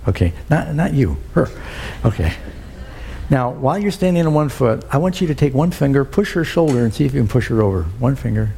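A man's voice: mid-range voice, lively intonation, fairly quick, gravelly, dark tone, a little hiss or hum. A man preaching a sermon to a church congregation, quoting scripture and asking the crowd "Amen?". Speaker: pastor.

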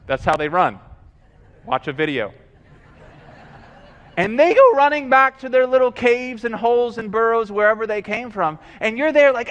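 A man's voice: high voice, expressive, moderate pace, a bit bright, in a large hall, dull audio. A male pastor preaching a sermon, telling stories animatedly, acting out scenes and calling for responses from the congregation.

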